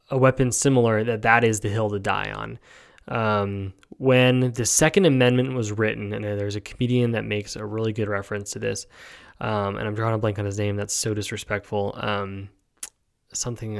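A man's voice: lowish voice, vocal fry. A young man hosting a solo podcast, talking casually and sarcastically, rambling with frequent ums. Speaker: podcast host.

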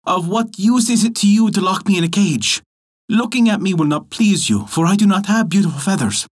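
A man voicing a tiny, clever bird that mocks and teases in a raised, lively voice. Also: high-pitched, brisk, slightly rough, voice pushed up. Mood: pleading. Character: tiny clever mocking bird, sly and cheeky.

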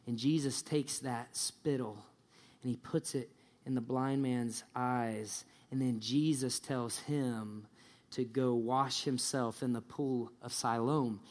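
A pastor preaching a sermon, telling a story in a lively way and acting out the people in it. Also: male voice, medium pitch, slow pace. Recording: long church-hall reverb.

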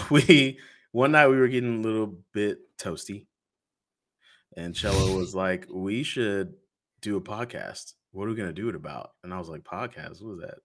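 In a casual interview, a podcast host tells a story, acting out the quoted dialogue and laughing along. His voice is on the low side.

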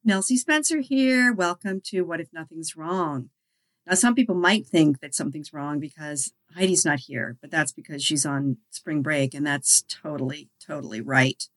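A woman's voice: low-pitched, moderate pace, fairly bright tone. A woman hosting a podcast in casual chat, upbeat and playful. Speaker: podcast host.

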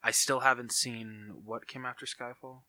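A man co-hosting a podcast, chatting casually with a jokey, lively manner. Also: mid-range voice. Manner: lively, jokey, quick reactions. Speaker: podcast co-host. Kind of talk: casual chat.

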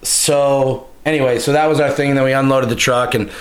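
A man's voice: mid-range voice, fairly even intonation, moderate pace. A young man co-hosting a podcast, telling a long story in loose, profane, rambling casual chat. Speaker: podcast co-host.

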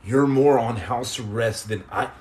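A man's voice: mid-range voice, measured pace, a little mellow, slight background noise. A man hosting a podcast live stream, casually chatting and joking sarcastically with viewers in the comments. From United States. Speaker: podcast host.

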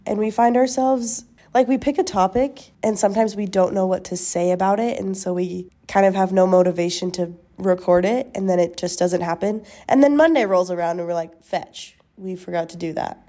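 Talking fairly quickly with hardly any pauses, a young woman with a warm, medium-pitched voice hosts a podcast. The chat is casual and rambling, and she often laughs at her own expense.

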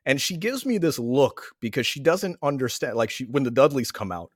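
A man's voice: medium pitch, moderate pace. A man, a returning podcast guest and a father, ranting sarcastically in casual chat. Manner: sarcastic, animated rants.

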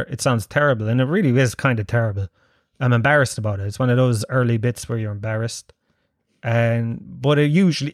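A man's voice: medium pitch, no room sound, studio quality. A man, a stand-up comedian, telling a profane, self-mocking story in casual chat that builds to punchlines.

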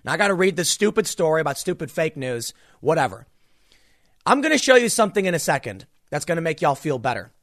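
Very animated and quick, a man rants about politics on his own, so exasperated that he keeps restarting his sentences. His voice is somewhat high for a man and a bit bright, recorded close and totally dry, with no room sound.

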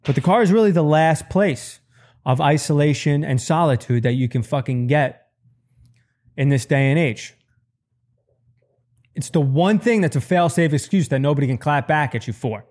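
A man's voice: a little high, moderate pace, pauses often. A man in his thirties doing a stand-up comedy set, telling rambling, profane stories and jumping his voice up to act out quotes. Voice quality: profane, rambling storytelling with animated voice jumps.

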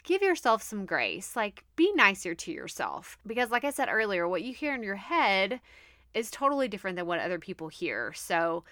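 With a medium-pitched, fairly bright voice, big pitch swings, and a moderate pace, a Texan woman hosts a podcast in a casual monologue. She's chatty and upbeat, laughs frequently, and leans on "like," all in a dry, studio-quality recording.

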